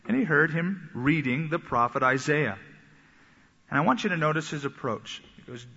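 A man preaching a sermon, animated and acting out the voices he quotes. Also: a little high, moderate pace, gravelly, slightly rough. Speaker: pastor. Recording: echoey hall, dull sound.

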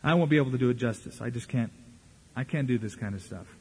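A man's voice: mid-range voice, fast talker, darkish tone, breathy edge. A male pastor preaching a sermon, making dry, mocking asides.

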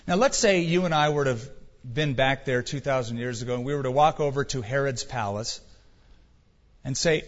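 A man's voice: mid-range voice, normal speed. A male pastor preaching a sermon emphatically, full of rhetorical questions, in a dull recording with long hall reverb.

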